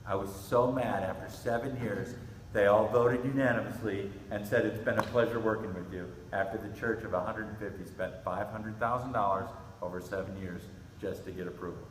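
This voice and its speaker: A middle-aged man preaching to a youth group, telling a story with animated, acted-out quotes. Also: sits low, recorded from a distance, a little hiss or hum. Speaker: pastor. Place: church hall. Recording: echoey hall with faint ambience.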